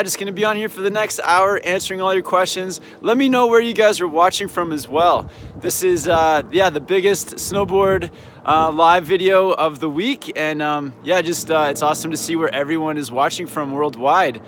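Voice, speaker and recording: A slightly hoarse man hosting a casual live-stream Q&A outdoors, laid-back and upbeat, with lots of "um" and "yeah". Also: on the high side, moderate pace, a bit bright. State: slightly hoarse, losing his voice. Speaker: snowboard coach and channel host. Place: outdoors in a mountain town. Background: faint traffic and plane noise.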